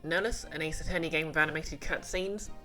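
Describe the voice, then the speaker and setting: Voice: mid-range voice, fairly quick, bright, forceful tone, soft background music. A streamer playing a game and chatting with viewers in a rambling, casual way, full of fillers and restarts. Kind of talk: casual game livestream chat.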